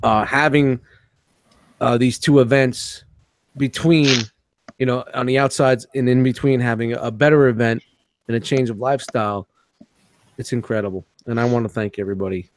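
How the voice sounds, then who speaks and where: A man co-hosting a collectors' podcast in casual chat, rambling and animated, swearing freely. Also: medium pitch, moderate pace, a little hiss or hum. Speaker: podcast co-host.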